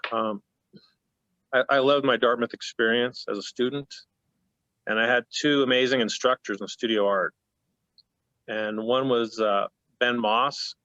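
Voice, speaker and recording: A man in his fifties, a painter speaking on a panel, tells a story with plenty of restarts and asides. His voice sits at an ordinary pitch. The sound is dry and a little muffled, like a video call. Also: pushed and bright, dry recording. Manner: rambling, self-interrupting storyteller. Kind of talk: casual panel talk.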